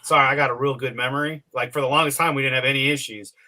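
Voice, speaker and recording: A man in his forties co-hosts a podcast, chatting casually and rambling with lots of fillers and restarts; he still sounds tired as he recovers. His medium-pitched voice holds a steady tone, pushed and bright, delivered rapid-fire.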